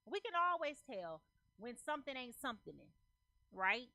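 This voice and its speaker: Woman tarot reader, slightly high, punchy and repetitive, casual slang, dry recording. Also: very animated, moderate pace, bright, forceful tone, no echo. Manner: emphatic, repeats phrases, checks in with "okay?"; loose slangy talk. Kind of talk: casual tarot reading to camera.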